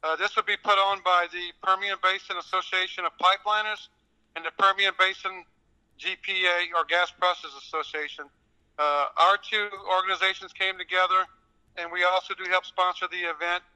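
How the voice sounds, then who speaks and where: A man from Louisiana with a South Louisiana accent answers as a guest on the radio, his voice pitched high and cutting bright. He speaks politely and unhurriedly, filling gaps with soft pauses. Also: smooth, low-quality recording. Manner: polite, relaxed, many filler pauses. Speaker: guest, contractor. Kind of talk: phone interview.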